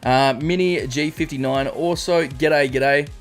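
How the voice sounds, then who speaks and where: A man's voice: medium pitch, steady tone, measured pace. An Australian man with an ordinary mid-range voice chats casually on a live stream. He greets viewers one by one and wanders off into loose, rambling stories. Faint music plays behind him. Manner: chatty, greets chatters by name, rambling storytelling.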